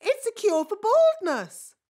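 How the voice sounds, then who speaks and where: Bossy cheerful fairy nanny, fussy, slow, swooping cartoon voice. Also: female voice, extremely high pitch, sing-song, a little mellow, heavily acted. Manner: brisk, fussy and self-assured. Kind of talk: cartoon voice acting.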